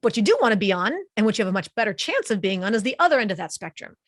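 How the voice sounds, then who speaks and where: A woman presents a webinar to her audience in a lively, conversational manner. Her voice sits in the middle of the range and comes through a close microphone in a dry, unreverberant space. She talks like a friendly teacher who acts things out. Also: medium pitch, racing, hardly any pauses, dry recording. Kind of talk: online presentation. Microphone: studio microphone up close.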